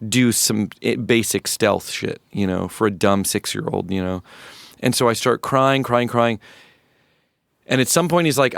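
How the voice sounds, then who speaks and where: Man in his fifties, low voice, dry close sound; candid, halting interview storyteller. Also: no echo. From rural North Florida, USA. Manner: reflective, halting, many restarts and fillers. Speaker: musician guest.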